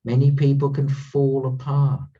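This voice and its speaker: A man's voice: mid-range voice, flat delivery, measured pace, faint music behind. A man giving an earnest spiritual talk as a teacher, stressing points by repeating words. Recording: slightly distant, dull lo-fi sound.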